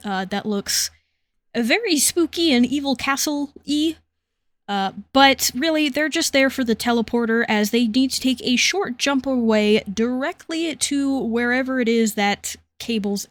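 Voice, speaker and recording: Podcast co-host, female, relaxed plot narrator, a bit higher pitched, dead-dry recording. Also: unhurried, no echo. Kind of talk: casual comic recap chat.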